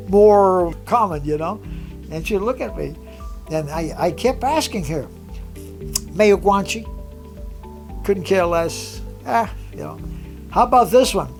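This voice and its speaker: An older person and senior swimmer reminiscing casually, pausing often with "uh". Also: medium pitch, a little mellow. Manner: halting, many "uh" fillers.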